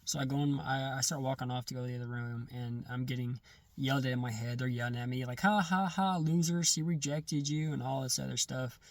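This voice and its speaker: A man recounting a personal testimony in casual first-person storytelling, halting and often restarting or correcting himself mid-sentence. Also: mid-range voice, completely flat delivery, no echo, recorded from a distance.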